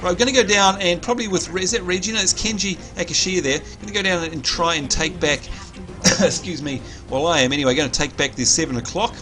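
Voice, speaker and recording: A man, co-hosting a live game stream and chatting excitedly to viewers. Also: high voice, fast talker. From New Zealand. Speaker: livestream co-host. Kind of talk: live gaming commentary. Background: game music.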